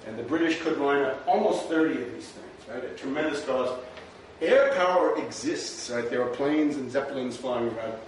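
A man's voice: mid-range voice, moderate pace. A man giving a history lecture in a rhetorical, conversational way, often checking in with "right?". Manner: rhetorical, frequent "right?" asides. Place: lecture room. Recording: very echoey room, distant mic, faint noise.

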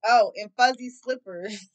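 A woman's voice: on the high side, a little slow, dull audio. A young woman doing a casual tarot reading, loose and profane, laughing often. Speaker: tarot reader.

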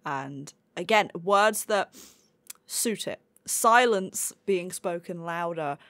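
A woman's voice: on the low side, slow, fairly bright tone, no room sound. A woman, a singer, reacting to a song in casual, enthusiastic commentary, picking apart the vocal technique. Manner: enthusiastic, gushing and analytical about vocal technique.

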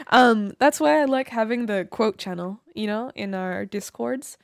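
A woman's voice: fairly high pitch, unhurried, gravelly, dry recording, clean studio sound. A woman livestreaming a game, chatting casually with viewers, joking, swearing a lot and laughing often in a playfully dramatic way. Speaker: game streamer. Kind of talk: casual livestream chat while gaming.

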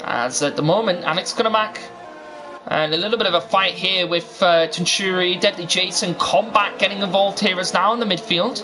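Over background music, a man with a high voice talks at normal speed while calling a live esports sim race. His commentary is chatty and meandering, with many restarted sentences.

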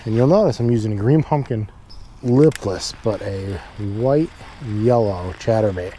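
Young man, fishing vlog host, upbeat casual chat, mellow tone, outdoors by a pond, camera mic, faint vehicle noise. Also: fairly low pitch, a little slow. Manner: upbeat, excited when catching fish.

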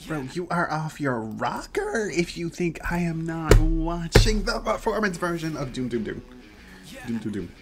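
A host reacting to a music video, excitable and gushing, often laughing and squealing. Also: medium pitch, moderate pace. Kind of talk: casual reaction commentary. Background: music video playing.

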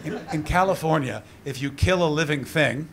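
A man performing a stand-up comedy set, telling a story in an animated way, full of swearing and asides to the crowd. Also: fairly high pitch, moderate pace, vocal fry. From Canada. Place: comedy venue stage with live audience. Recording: noisy live room with audience laughter.

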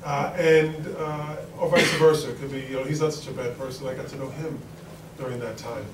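A man's voice: mid-range voice, steady tone, a little fast, slight background noise. A middle-aged man with a Queens, New York accent giving a rambling, informal speech to an audience, with many fillers and restarts. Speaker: congressman speaking at a forum. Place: large event hall with an audience. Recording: echoey hall recorded from far off.

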